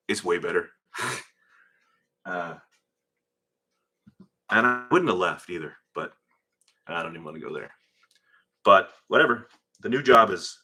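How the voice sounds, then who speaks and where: A man hosting a live stream from his garage, chatting and rambling while reading out viewer names. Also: fairly low pitch. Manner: rambling, animated, reads chat names aloud. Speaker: host of a live car-build stream. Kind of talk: casual live-stream chat. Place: home garage workshop.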